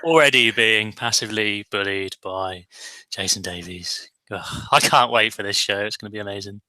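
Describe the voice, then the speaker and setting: A man's voice: on the low side, normal speed, bright, forceful tone, no room sound, poor audio. A man as a podcast guest, grumpy and sarcastic in casual football chat.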